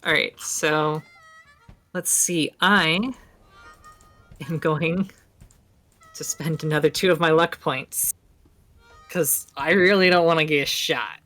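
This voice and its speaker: A woman's voice: low voice, takes it slowly, pauses often, fairly bright tone, faint music behind. A woman playing a character in a tabletop game, chatty and complaining in character. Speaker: player.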